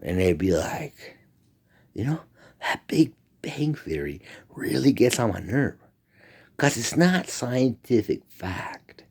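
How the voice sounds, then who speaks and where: A man's voice: medium pitch, very animated, slow, darkish tone, breathy edge. A man talking in a rambling, profane monologue that often drops to a whisper. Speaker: vlogger.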